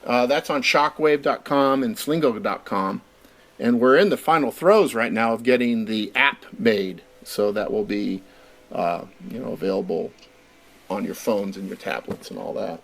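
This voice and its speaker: A man's voice: lowish voice, moderate pace, creaky. A middle-aged Californian man, a game designer interviewed as a guest, talking with enthusiasm and stammered repeats. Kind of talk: casual interview chat.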